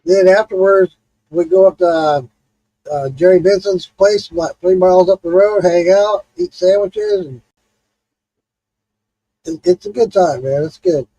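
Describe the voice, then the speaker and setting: A man hosting a livestream with a high, lively voice that swings up and down a lot. His tone is husky and mellow, and he tells animated stories, swearing freely. The sound is dry, with no room echo. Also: measured pace, long pauses, muffled recording. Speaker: livestream host. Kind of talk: casual chat.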